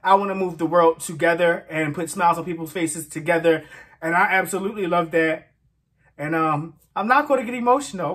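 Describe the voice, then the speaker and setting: Man hosting a reaction video, high pitch, bright, effusive, laughs a lot. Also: brisk. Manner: effusive, laughing, sings snatches along. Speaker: reaction channel host. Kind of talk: casual music reaction vlog.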